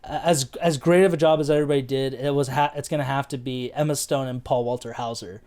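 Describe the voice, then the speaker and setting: A man's voice: mid-range voice, fairly even intonation, fast talker, a little mellow. An American man co-hosting a casual film review, rambling loosely with fillers and the odd swear. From United States. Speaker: podcast co-host.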